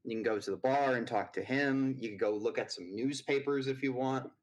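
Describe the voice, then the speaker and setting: A man's voice: mid-range voice, brisk, low-quality recording. A man narrating as game master in a tabletop game, loose and rambling with lots of fillers.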